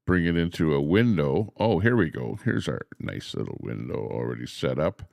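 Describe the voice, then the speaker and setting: A man hosting a livestream outdoors beside trees, chatting in a meandering way with lots of pauses and filler words. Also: a bass voice, sing-song, vocal fry, a little mellow, dry recording, studio quality. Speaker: livestream host. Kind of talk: rambling casual livestream chat.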